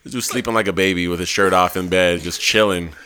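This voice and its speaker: A man's voice: deep voice, fast talker, a crowd in the background. A man on a podcast telling a long, laughing, profanity-filled story in a casual way. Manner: animated, swears a lot, laughs while telling. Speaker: podcast host.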